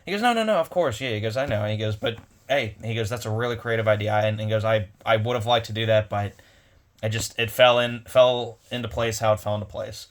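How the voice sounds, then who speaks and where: A man's voice: lowish voice, flat delivery, a little fast. A man casually retelling a convention story on his vlog, rambling with many restarts. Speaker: comic collector vlogger.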